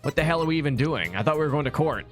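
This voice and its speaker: A man's voice: on the high side, animated, rapid-fire. Chatty man streaming a game. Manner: joking, chatty. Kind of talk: casual gameplay commentary. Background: game music.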